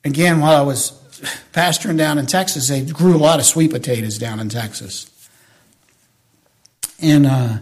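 A man preaching a sermon as a pastor. He tells folksy stories, asks the congregation to agree with him, and builds to emphatic preaching. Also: a little high.

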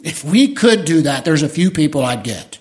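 A pastor in his fifties preaching a sermon, telling a personal story with strong feeling and swinging between loud bursts and hushed, intimate moments. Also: fairly high pitch, big pitch swings, moderate pace. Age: 50s.

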